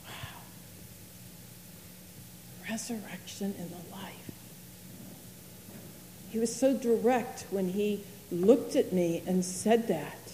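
A woman's voice: mid-range voice, slow, long pauses, dark tone, slight background noise, lightly acted. A woman playing a grieving biblical sister in a first-person dramatic monologue, earnest and emotional. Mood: awed, reflective. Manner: earnest and emotional, dwelling on words. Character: grieving woman, sister of Lazarus, fond of tidiness. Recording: roomy hall reverb, faint ambience.

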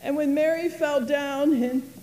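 A grieving biblical sister, earnest and emotional, played by a woman in a first-person stage monologue. Her high voice moves slowly. The sound is roomy, with a long hall reverb. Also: steady tone, dark tone. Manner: earnest and emotional, dwelling on words. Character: grieving woman, sister of Lazarus, fond of tidiness.

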